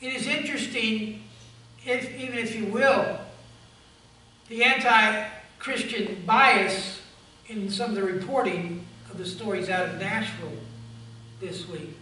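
Recorded from a distance in an echoey church sanctuary, a male pastor preaches emphatically and speaks directly to the congregation. His voice sits high and sharp, a little slow, with frequent pauses.

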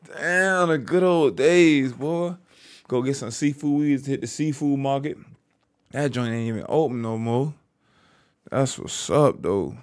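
A man's voice: mid-range voice, normal speed, mellow. A man from Maryland with a Maryland accent, hosting a reaction video and commenting loosely in slang. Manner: loose slangy running commentary, riffing at the screen.

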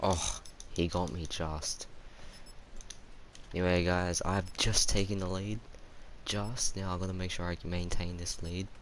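A man giving chatty live commentary over his own shooter match, reacting out loud to every kill and death. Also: sits low, little pitch movement, unhurried, a little hiss or hum. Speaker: gaming YouTuber.

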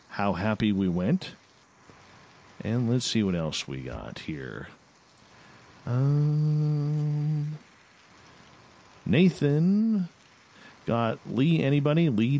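A male radio host chatting casually and reading out listeners' results in a halting, unhurried way. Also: medium pitch, darkish tone. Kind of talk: casual talk-radio chat.

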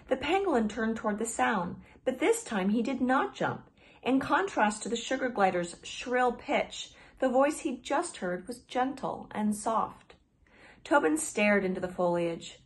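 Expressive woman reading a storybook aloud. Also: mid-range voice, measured pace. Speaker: children's author. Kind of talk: reading a children's book aloud.

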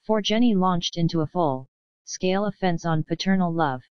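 A woman narrating a novel as an audiobook in an even, measured first-person reading. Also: on the low side, smooth, dry recording, lo-fi sound.

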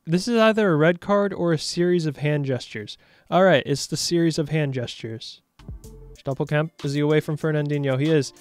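A young man giving jokey, animated commentary over his own football video game matches. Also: fairly high pitch, normal speed, soft background music. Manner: animated, jokey, shouts at big moments. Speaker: gaming YouTuber. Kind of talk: excited gameplay commentary.

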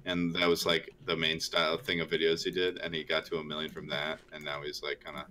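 A man's voice: very deep voice, monotone, fast, bright, forceful tone, a little hiss or hum. A man chatting and teasing friends in a casual gaming session over a headset.

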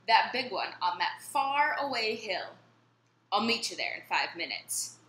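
A stern, hard-to-impress lion teacher, as a woman reading a storybook puts him on, giving short, dry orders. The voice is bright and carries an echoey room with faint noise behind it. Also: mid-range voice, very animated, unhurried. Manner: dry, blunt coaching.

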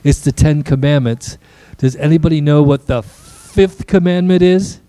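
A man's voice: fairly high pitch, moderate pace, mellow, dry recording. A man, a pastor giving a playful children's message in church and joking with the kids. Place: church sanctuary.

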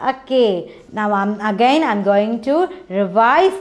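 A woman's voice: mid-range voice, expressive, slow pace. A young woman with an Indian English accent teaching phonics to small children, patient and encouraging, breaking into short sing-song chants.

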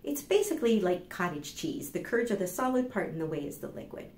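A woman children's librarian leading a storytime, animated and sing-song, talking encouragingly to young kids and their grown-ups. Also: on the low side, fairly quick. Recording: roomy room echo.

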